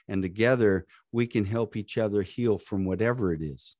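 A man's voice: on the low side, moderate pace, hardly any pauses, darkish tone, dry recording, studio quality. A man co-hosting a live podcast, talking in a motivational, preachy, encouraging way. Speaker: podcast co-host.

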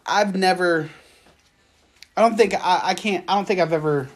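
A man's voice: high-pitched, moderate pace, long pauses, slight background noise. A man from the Southern United States hosting a podcast, rambling and joking in casual chat. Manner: rambling, jokey, slips into comic put-on voices. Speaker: podcast host.

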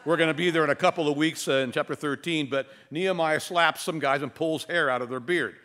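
A man preaching as pastor, teaching verse by verse with wry humor and dramatic pauses. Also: a little high, bright, forceful tone. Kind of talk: expository sermon.

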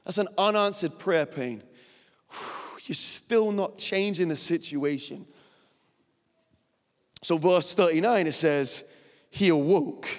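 High-voiced male preacher in a hall. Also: slow pace, pauses often. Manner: dramatic, swings from quiet asides to loud pleading. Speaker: pastor. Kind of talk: sermon.

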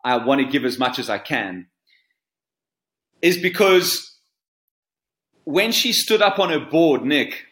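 A man's voice: medium pitch, animated, slow pace, long pauses, a bit bright. A man in his forties, a surf coach being interviewed, telling a story earnestly and often repeating words as he finds them. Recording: roomy echo.

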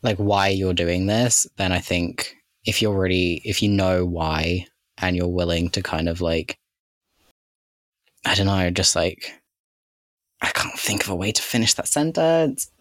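Male podcast co-host, very low voice, dry close sound, rambling chat full of fillers. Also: measured pace, fairly bright tone, no room sound. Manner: rambling, heavy use of "like" and "kind of". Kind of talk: casual chat.

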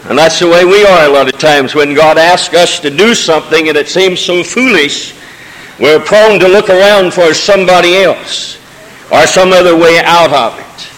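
A pastor delivers his sermon in a fairly high voice, drifting from easygoing asides into swelling, emotional cadences. His words ring out with the long reverb of a church sanctuary. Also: normal speed, fairly bright tone. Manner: preaching with folksy asides and rising emotional cadences. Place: church sanctuary during a service.

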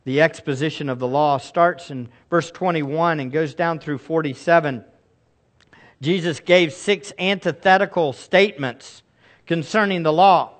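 A man's voice: on the high side, unhurried. A man in middle age, a pastor preaching a sermon in an earnest, emphatic way with pleading asides.

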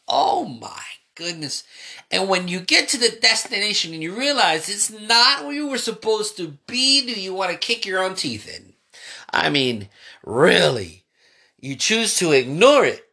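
A man's voice: sits high, bright, forceful tone, breathy edge. A man preaching a sermon, asking his listeners questions, building emphasis and retelling scripture in everyday speech. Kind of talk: sermon teaching.

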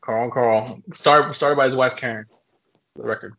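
A man hosts a loose podcast in a mid-pitched voice, telling jokes and calling the next segment. His sound is dull and lo-fi, as if from a cheap mic. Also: steady tone, normal speed, gravelly, a bit bright, a little hiss or hum. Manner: leads segments, tells jokes. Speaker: podcast host. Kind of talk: casual podcast hosting.

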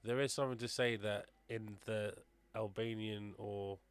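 Relaxed man, dry sound. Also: on the low side, normal speed, smooth, no echo. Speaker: podcast co-host. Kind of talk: casual chat.

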